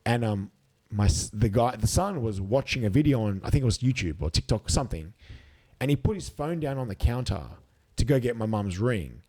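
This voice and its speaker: A man's voice: medium pitch, animated, a little fast, a little mellow. An Australian man in his thirties, a competitive eater telling stories casually and acting out quotes, swearing freely. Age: 30s. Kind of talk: casual storytelling with profanity.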